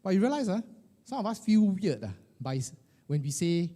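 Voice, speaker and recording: A middle-aged man, coaching a live group of financial advisors in a lively, colloquial way, firing questions at the room. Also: fairly high pitch, moderate pace. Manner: animated, questioning the audience, colloquial with "lah" and "eh". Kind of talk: motivational workshop talk to a live group.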